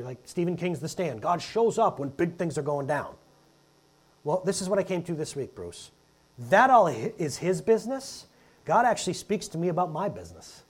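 A man in his thirties delivers a sermon in a relaxed, joking, conversational manner. His pitch swings widely, lifting and dropping for emphasis as he talks to the congregation. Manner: conversational, jokey, animated preaching. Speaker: pastor.

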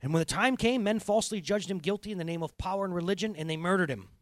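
A man's voice: high-pitched, fast, no room sound. A middle-aged man preaching a sermon as pastor, earnest and conversational, building to impassioned.

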